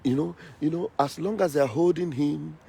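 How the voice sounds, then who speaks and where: A man's voice: on the high side, moderate pace, gravelly, dark tone, breathy edge. A man giving an impassioned political speech, fiery and accusatory, hammering his points by repeating lines. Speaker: political activist.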